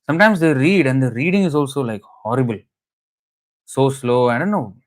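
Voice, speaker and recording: A man at a mid pitch gives a relaxed, conversational scripture class. He tells anecdotes in a chatty, informal way, peppered with "you know"s. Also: normal speed.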